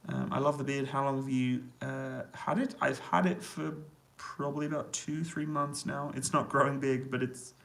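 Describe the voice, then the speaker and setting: Streaming from a small room in army accommodation, a man reads viewers' live chat aloud and answers easygoingly, laughing a lot. His mid-range voice is gravelly with clear vocal fry, he talks at a moderate pace, and the sound quality is poor.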